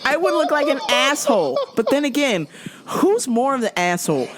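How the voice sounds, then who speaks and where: A woman from Southern California tells comedic stories as a podcast host. Her voice swings widely in pitch as she goes. She swears freely and breaks into laughs often. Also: normal speed, over a noisy crowd. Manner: animated, profane, laughs often. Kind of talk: comedic storytelling.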